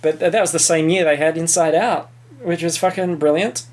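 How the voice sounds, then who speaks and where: A man's voice: fairly high pitch, brisk, a little mellow. An Australian man co-hosting a podcast, giving blunt, opinionated film reviews in casual chat and swearing freely. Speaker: podcast co-host.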